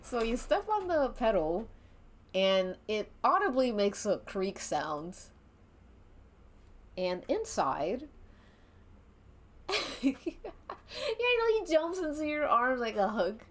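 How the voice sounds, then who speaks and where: A giggly young woman narrating an interactive mystery game for her stream, swearing casually as she goes. Her pitch is lively and bouncy. She talks at an unhurried, slow pace. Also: slight background noise.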